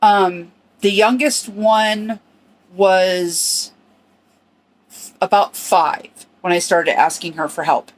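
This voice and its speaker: A middle-aged woman talks in an earnest, personal podcast monologue. She speaks in short phrases with small restarts, reflective and sincere, her voice sitting at an ordinary pitch for a woman. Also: steady tone, slow pace. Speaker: podcast host.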